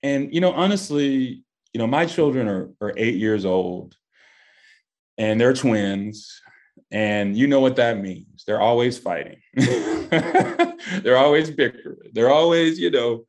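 In impassioned interview talk, a male guest makes his points emphatically, his voice rising high for stress. His intonation is lively and his tone darkish, and he takes his time, pausing often.

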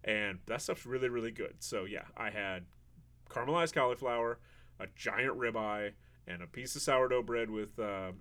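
A man hosting a podcast, chatting in a relaxed, rambling way. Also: medium pitch, moderate pace. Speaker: podcast host. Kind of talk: casual chat.

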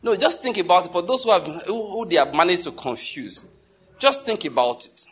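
A man preaching a sermon, emphatic and repetitive, firing rhetorical questions and swinging between quiet and forceful delivery. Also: high-pitched, normal speed, husky. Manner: emphatic, repeats key phrases, asks the audience rhetorical questions; wide swings in loudness between calm and forceful.

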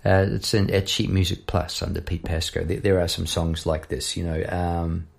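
A middle-aged man with a New Zealand accent, hosting a songwriting podcast in a relaxed, rambling chat with many restarts. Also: deep voice, normal speed, gravelly.

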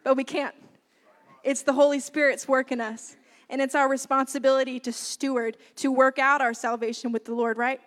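A young woman preaching a sermon, earnest and lively. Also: high-pitched, normal speed. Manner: earnest, lively, warm-hearted with laughs. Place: church hall. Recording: long hall reverb.

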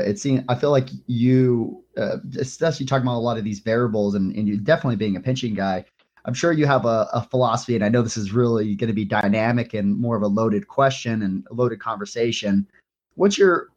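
A male podcast host speaking at a middling pitch and asking long, loosely framed questions full of fillers. The audio is dull and lo-fi, so the voice comes through muffled. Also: a little mellow. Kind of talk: casual interview questions. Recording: dull lo-fi recording.

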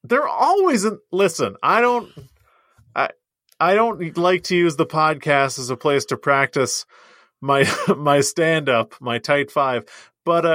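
A man's voice: on the high side, expressive, slow pace, a bit bright, no room sound, studio quality. A man co-hosting a comedy podcast, bantering casually and pushing puns while prodding for a reaction. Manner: jokey, punning, pressing for reactions. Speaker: podcast co-host.

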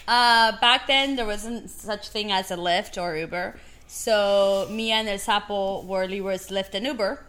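A woman's voice: medium pitch, measured pace. A woman co-hosting a podcast, telling a funny story in casual chat and laughing as she talks. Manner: animated, laughs through the story. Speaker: podcast co-host.

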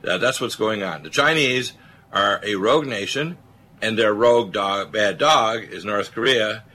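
A man's voice: on the low side, a little slow, pushed and bright. A man hosting a talk radio show, speaking emphatically and rambling with many filler uhs.

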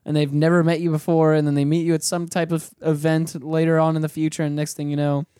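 A man's voice: a little high, little pitch movement, fast talker, mellow, clear, resonant tone, no echo, clean studio sound. A man hosting a podcast in casual, crude banter. He is frustrated and sarcastic, and he swears a lot while drinking scotch. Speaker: podcast host.

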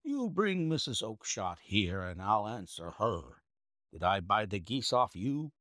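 A gruff, hot-tempered market salesman who shouts and blusters, voiced by a man reading a storybook. His low voice swings wide in pitch. The sound is dry and close. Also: very animated, slow, no room sound, exaggerated voice. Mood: angry.

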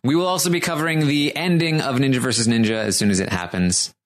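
A man co-hosting a movie podcast in easygoing chat. His humor is dry and offhand, and he delivers wry lines flatly. His voice sits at a middle pitch. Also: quick pace. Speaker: podcast co-host. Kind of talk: casual chat.

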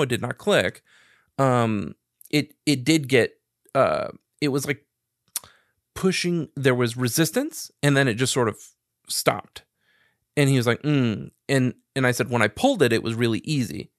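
A man's voice: mid-range voice, no echo, clean studio sound. A man telling a long story in casual, profane chat, laughing as he goes.

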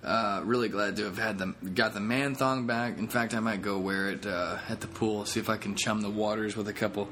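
Rambling, jokey low-voiced man. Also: steady tone, a little fast, hardly any pauses, a bit bright, a little hiss or hum. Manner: rambling, jokey, self-deprecating. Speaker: comedian and podcast host. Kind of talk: casual podcast monologue.

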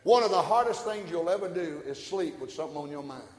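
A man preaching a sermon, folksy and joking, swinging from quiet asides to shouted peaks. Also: a little high, lively intonation, quick pace. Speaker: pastor. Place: church sanctuary. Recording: echoey hall, church room.

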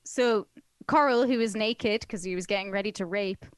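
A woman's voice: mid-range voice, normal speed, smooth, no echo. A woman with a Northern English accent co-hosting a true crime podcast in casual, chatty talk, with a wry, joking manner. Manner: chatty, laughs often, wry. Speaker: podcast co-host.

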